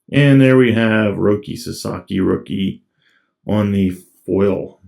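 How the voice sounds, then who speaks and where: This card collector has a lowish, slightly mellow voice with vocal fry, and he speaks at a slow pace. Cracking open trading card packs, he comments casually and reads out every card in a relaxed way.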